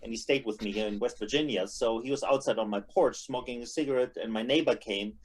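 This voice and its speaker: A man's voice: mid-range voice, fast talker. A man with a German accent, a podcast guest chatting casually, telling stories with laughter and sometimes searching for words. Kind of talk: casual chat.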